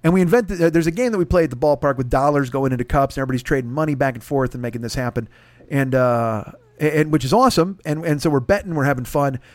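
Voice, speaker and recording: A man's voice: mid-range voice, quick pace, no room sound. A man telling a long comic story on a podcast, swearing constantly and acting out what other people said.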